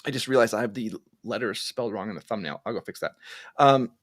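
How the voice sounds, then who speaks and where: A man's voice: fairly low pitch, quick pace. A man co-hosting a casual podcast, telling stories with lots of laughs and filler "like". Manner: animated, laughing storyteller. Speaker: podcast co-host. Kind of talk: casual chat.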